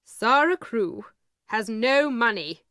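A blunt, matter-of-fact lawyer, as a woman reading a storybook puts him on, laying out the facts slowly and evenly. Her voice stays fairly high and lively underneath, recorded close and dry. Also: no echo, full character voice. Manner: measured, matter-of-fact, slow. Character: calm, blunt male lawyer, middle-aged.

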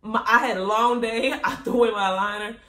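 A woman vlogger telling a casual storytime in an animated, slangy way, laughing often. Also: fairly high pitch, fairly quick. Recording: echoey room.

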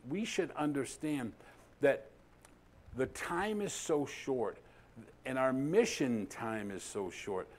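Man preaching with loud-then-hushed swings. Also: medium pitch. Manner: storytelling, swinging between loud emphatic lines and soft, hushed ones. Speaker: pastor. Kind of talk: sermon.

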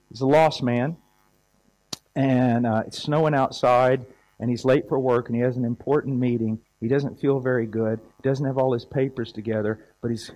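A man preaches in a relaxed, conversational manner at an ordinary middle pitch. He tells everyday stories and acts out the people in them. It is unhurried, plain-spoken sermon talk. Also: low-quality recording. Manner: conversational storytelling, acts out scenes.

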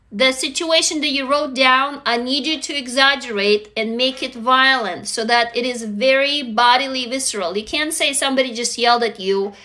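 High bright-voiced lady hosting a live stream, reading comments, cheering folks on, swearing a lot. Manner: upbeat, reads out viewer comments, swears freely. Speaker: live stream host leading a writing exercise. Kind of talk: casual live stream coaching.

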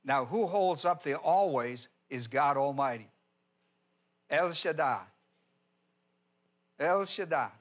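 A male pastor teaching a Bible passage in a sermon, slow and deliberate, repeating key words for emphasis. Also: on the high side, fairly bright tone.

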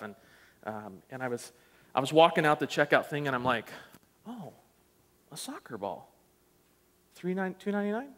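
A man preaching a storytelling sermon, animated and self-deprecating, acting out the voices in his stories. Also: fairly high pitch. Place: church sanctuary. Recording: long church reverb.

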